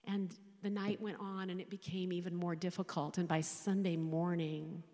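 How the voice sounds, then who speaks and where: A woman in her sixties, a chaplain, giving an emotional personal faith testimony, speaking haltingly and often dropping to a whisper. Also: on the low side, little pitch movement, dark tone. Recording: long hall reverb.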